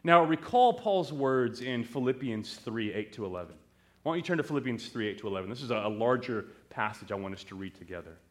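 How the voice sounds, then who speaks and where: A man's voice: mid-range voice, a little fast. A male pastor preaching a sermon, telling stories and calling out questions to his congregation. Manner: animated storytelling, calls to the congregation.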